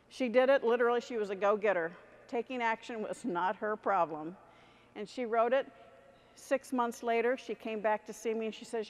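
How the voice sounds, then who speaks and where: A middle-aged woman giving a motivational conference talk, speaking straight to the audience and leading them in exercises. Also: fairly high pitch. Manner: energetic, addresses the audience directly and leads them in exercises. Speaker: keynote speaker. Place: large conference hall. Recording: long hall reverb.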